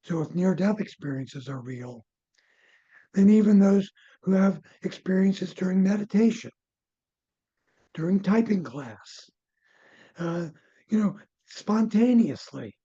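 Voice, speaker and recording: An older man, a former physician, recounts case stories as an interview guest. His voice is mellow and a bit husky. He gets animated and then drops into soft, low asides. The audio is muffled and lo-fi. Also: slow pace, pauses often. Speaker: near-death researcher and former physician.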